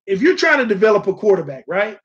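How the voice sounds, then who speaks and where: A man's voice: high-pitched, sing-song, fast talker, fairly bright tone, highs cut off. A man hosting a casual live-stream sports talk show, talking animatedly and straight to his viewers. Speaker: sports channel host.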